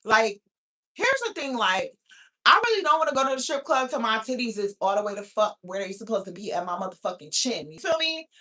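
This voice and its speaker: A woman in her thirties hosts a talk show podcast, chatting casually in a brash, profane manner and laughing. Her voice is a little high and bright, with lively intonation, a brisk pace and a forceful tone.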